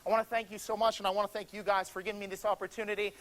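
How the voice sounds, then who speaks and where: A man's voice: high voice, little pitch movement, rapid-fire, fairly bright tone. A man giving a motivational speech to a seminar audience, telling a story with energy and drama. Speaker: motivational speaker. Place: seminar room before an audience.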